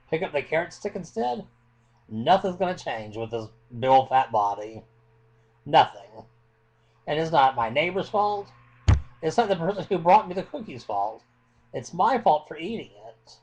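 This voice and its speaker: A man records a heated rant into his webcam at home. His voice sits a little high and swings up and down a lot as he talks, blunt and impassioned, swearing freely as he makes his points. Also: a little mellow. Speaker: vlogger.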